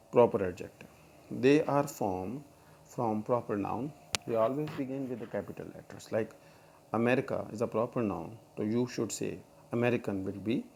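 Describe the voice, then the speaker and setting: A man teaching a recorded grammar lesson, explaining slowly to students with frequent fillers. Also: lowish voice, vocal fry, a little mellow.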